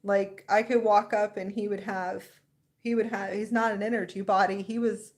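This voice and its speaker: Excited rambling woman livestreaming. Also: medium pitch, normal speed. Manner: rambling, excited, laughs often. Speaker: spiritual livestream host. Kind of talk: casual livestream chat.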